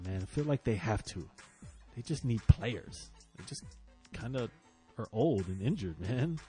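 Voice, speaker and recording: A man talks through the weekend's football results in a loose, casual chat. He swears freely, and his voice jumps up and gets loud whenever a team frustrates him. Faint music plays underneath. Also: on the low side. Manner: animated, swearing, swings loud when frustrated. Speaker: podcast host.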